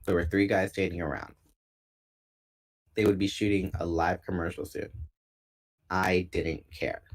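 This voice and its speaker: A man reading a novel aloud in a relaxed, unpolished way, pausing now and then to correct a slip. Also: low voice. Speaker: book reader.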